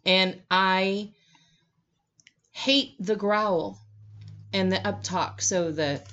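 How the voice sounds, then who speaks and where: A woman chatting casually as co-host, speaking bluntly and expressively. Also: very slow. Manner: blunt and expressive, with wide swings in pitch. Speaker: podcast co-host. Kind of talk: casual chat. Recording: slightly dull lo-fi sound.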